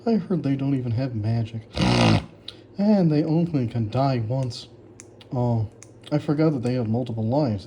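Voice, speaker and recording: A man's voice: medium pitch, warm tone, a little hiss or hum. A man in casual commentary, reacting sarcastically to his own old writing, mocking it and laughing often. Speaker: author reviewing his old story.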